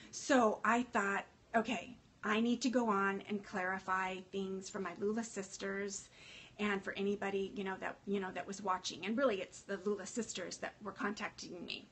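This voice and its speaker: A woman's voice: medium pitch, fairly even intonation, moderate pace, husky. A woman chatting casually to her livestream viewers, emotional and rambling, with many fillers and restarts, greeting viewers by name. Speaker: fashion consultant livestreaming to followers.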